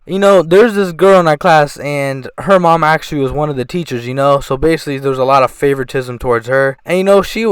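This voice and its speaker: A man's voice: on the high side, clean tone, dry recording. Profane rambling young man telling a story. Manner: profane, rambling, animated retelling. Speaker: storytime vlogger. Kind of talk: casual storytime.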